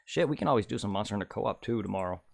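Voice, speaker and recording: In a casual live-stream gaming chat, a man rambles while he plays, muttering and humming to himself as he reads aloud. His fairly low voice is gravelly and a little mellow, expressive and rapid-fire.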